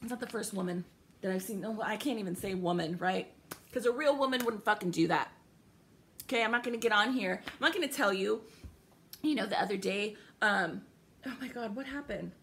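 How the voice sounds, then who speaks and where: A woman's voice: mid-range voice, fairly quick, fairly bright tone, slight background noise. A young woman venting in an angry, profane, sarcastic rant to the camera, upset and livid. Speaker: vlogger.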